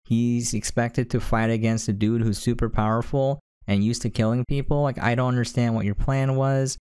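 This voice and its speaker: A man's voice: medium pitch, steady tone, moderate pace, a little mellow, clear, resonant tone, dry recording, studio quality. A man giving a casual, sarcastic and exasperated rant as an anime reviewer.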